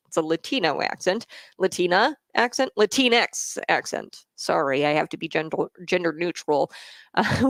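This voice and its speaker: A woman's voice: medium pitch, dry recording. A woman hosting a political commentary show, talking in a casual monologue with many fillers and restarts, and answering viewer comments.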